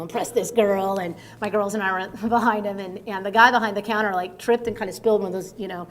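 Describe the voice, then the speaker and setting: A middle-aged woman speaking as a guest speaker at a conference, in a conversational, animated way. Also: medium pitch. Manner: conversational, animated, acts out quotes. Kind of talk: conference talk. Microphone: microphone at a conference.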